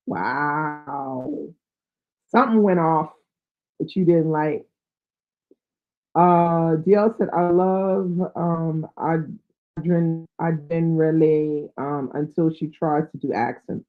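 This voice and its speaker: A woman's voice: sits low, slow pace. A woman hosting a live book chat, reading out viewer comments and thinking aloud with fillers. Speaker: book channel host. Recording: tinny, phone-like sound.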